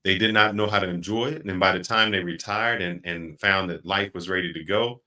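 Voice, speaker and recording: Middle-aged man, podcast host, lowish voice, bright forceful tone, reflective and earnest. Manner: reflective, earnest, slows down to stress points. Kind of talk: casual podcast chat.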